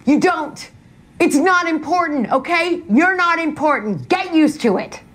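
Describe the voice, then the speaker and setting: A woman's voice: very high voice, animated, measured pace, a bit bright, heavily acted. An actress playing a scornful young woman who coldly and cuttingly berates someone.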